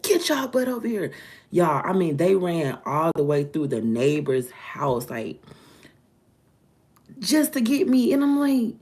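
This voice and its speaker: A woman, telling a story to her viewers in an animated, dramatic way. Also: low-pitched. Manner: animated, dramatic retelling with acted-out quotes. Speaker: vlogger.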